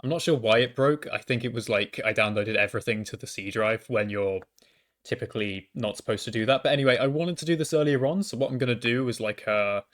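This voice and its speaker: Quick-paced and mid-range, this young adult university student rattles through a casual storytime monologue into a home microphone, stammering, restarting, and poking fun at himself along the way.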